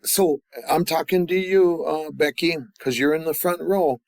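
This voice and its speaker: A man teaching a language class, leading the students through call-and-response drills and pausing often with fillers and restarts. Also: on the high side, creaky, no echo. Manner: halting, with many fillers and restarts. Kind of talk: classroom grammar lesson.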